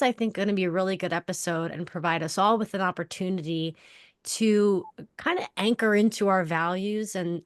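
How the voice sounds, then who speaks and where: A woman's voice: mid-range voice, smooth, dry recording, studio quality. Bubbly enthusiastic woman podcast host. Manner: bubbly, enthusiastic, quick laughs. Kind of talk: casual interview chat.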